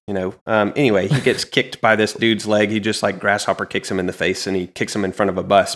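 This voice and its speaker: A man co-hosting a podcast, casually recapping a comic in a relaxed, meandering way with frequent ums. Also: fairly low pitch. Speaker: podcast co-host.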